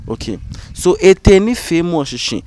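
A man teaching vocabulary, saying each phrase twice in a calm, patient way. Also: high voice, moderate pace, slight background noise, rough recording. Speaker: language teacher. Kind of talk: slow, repetitive vocabulary drill.

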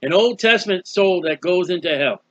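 This preacher has a high voice and gives a folksy, emphatic Bible teaching sermon at normal speed, animated throughout, often posing a question and answering it himself. The dry recording sounds dull, muffled and lo-fi.

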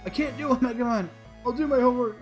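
A man's voice: very high voice, fast talker. A man voicing an emotional young boy hero who pleads and cries out, with game music behind. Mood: pleading. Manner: raised, pleading and upset. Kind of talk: let's play voice reading.

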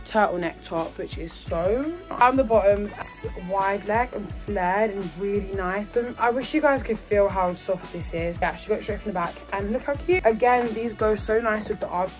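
A woman's voice: medium pitch, moderate pace, hardly any pauses. A teenage girl from England chatting casually and bubbly through a shopping haul vlog. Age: teens. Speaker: vlogger. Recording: faint music in the background.

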